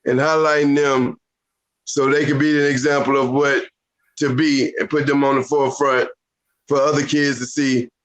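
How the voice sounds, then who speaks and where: A man co-hosting a casual podcast chat, telling stories in an animated, lecturing way. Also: medium pitch, normal speed, low-quality recording. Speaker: podcast co-host.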